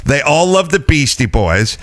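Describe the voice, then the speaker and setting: A man's voice: a little high, sing-song, a little slow, fairly bright tone. A middle-aged man hosting a casual talk show, ranting bluntly and profanely with mock quotes. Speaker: podcast host. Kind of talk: casual chat.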